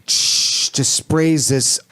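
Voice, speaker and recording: A man talking casually and telling an animated, profane story among friends. His voice sits at a middle pitch. He laughs between lines. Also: extremely slow.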